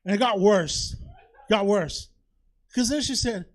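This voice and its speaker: A man's voice: high-pitched, unhurried. A man doing a chatty, confessional stand-up set on a comedy theater stage, tossing in "you know?" and "right?" all the time.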